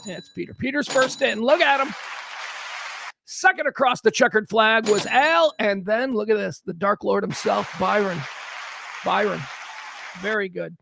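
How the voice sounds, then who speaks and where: Host, high gravelly voice, rambling wry livestream chatter. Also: male voice, normal speed, noisy background. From south side of Chicago. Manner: rambling, wry, animated asides. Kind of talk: casual livestream chat.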